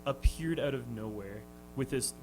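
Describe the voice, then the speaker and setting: In a relaxed radio studio chat with music playing underneath, a young man who tours as a musician shares stories, laughing, hesitating, and restarting often amid many fillers. He speaks at a moderate pace in a medium pitch, and the recording is rough.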